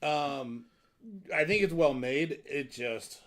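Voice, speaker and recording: A man co-hosting a beer podcast, thoughtful and measured in casual chat. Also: a little high. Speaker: podcast co-host.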